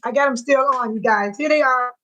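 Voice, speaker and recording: High-voiced woman chatting and laughing. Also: fairly quick, a bit bright, rough recording. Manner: chatty, repeats herself, laughs often. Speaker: livestream host. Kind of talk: casual chat to viewers.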